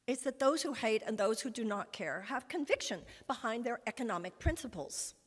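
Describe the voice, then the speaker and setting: A woman's voice: on the high side, lively intonation, fairly quick, husky. A woman giving an impassioned, rousing speech at a conference, with emphatic repetition of phrases. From United States. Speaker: conference speaker. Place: large conference hall. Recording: echoey hall reverb.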